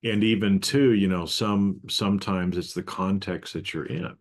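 Low-voiced man musing on a podcast. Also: moderate pace. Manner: reflective, thinks aloud with frequent "you know". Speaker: podcast co-host. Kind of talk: casual conversational podcast.

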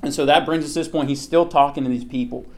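A man's voice: a little high, fairly even intonation, fast talker. Chatty man teaching a Bible lesson. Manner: conversational, keeps checking in with "okay?" and "right?". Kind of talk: casual Bible lesson to a group.

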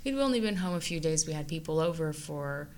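A woman's voice: a little fast, slight background noise. A woman in her thirties, a mother chatting casually about her experience and acting out quoted moments in a raised voice. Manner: animated storyteller, acts out quotes in a higher voice. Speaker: guest mother sharing experience. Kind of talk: casual conversational podcast chat.

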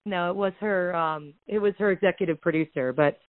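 A woman's voice: on the low side, fairly quick, dry recording. Woman telling a story over a tinny line. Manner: animated retelling that acts out quoted dialogue. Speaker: podcast guest, real estate investor. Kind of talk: casual storytelling. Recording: dry, tinny phone-line sound.

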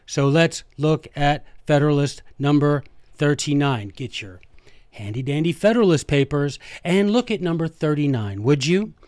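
A man hosting a jokey history lesson, talking playfully and emphatically with quick asides, close to the microphone. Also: a little high, expressive, a little mellow, no echo. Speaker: host.

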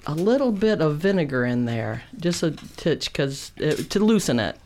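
A woman's voice: sits low, sing-song, moderate pace, a little mellow, slight background noise. A woman casually explaining the food she made for a show, chatty and rambling, laughing at herself. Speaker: cook presenting food on a show. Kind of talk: casual chat.

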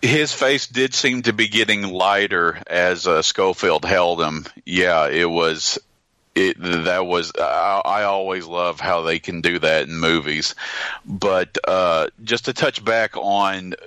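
A man with a very deep yet sharp, forceful voice discusses a war film in a relaxed chat. He pauses and restarts his thoughts often, and he is recorded close and dry. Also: clear, resonant tone, dry recording. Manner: thoughtful, hesitant with repeated starts. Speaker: film podcast co-host.

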